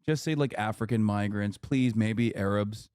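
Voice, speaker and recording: A man's voice: lowish voice, normal speed, darkish tone, smooth, no room sound, studio quality. Sarcastic, profane male streamer. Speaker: streamer reacting to a video. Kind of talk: casual live-stream commentary.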